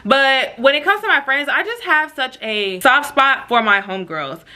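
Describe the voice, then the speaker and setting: Bright, chatty young woman vlogger. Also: high voice, moderate pace. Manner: slangy, chatty, lively asides to viewers. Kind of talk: storytime vlog, casual chat.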